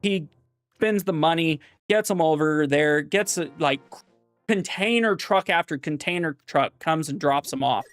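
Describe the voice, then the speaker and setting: A man streaming as he tells a long, winding joke, full of fillers and self-corrections. His voice sits slightly higher than the average man's. Faint music plays behind him. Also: unhurried, no echo.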